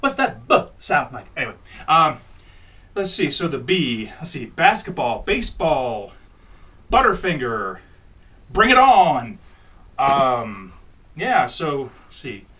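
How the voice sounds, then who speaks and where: A man's voice: fairly high pitch, very animated, slow, long pauses, sharp tone, distant mic. A man doing a rambling, jokey comic monologue, retelling bits with goofy voices. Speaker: comic host reading letters.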